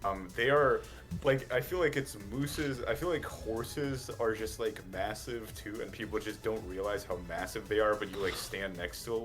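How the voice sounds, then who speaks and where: A man speaking as a guest on a stream in relaxed casual chat, full of fillers like "like" and "um". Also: on the low side, moderate pace, music in the background. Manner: relaxed, filler-heavy, laughs easily.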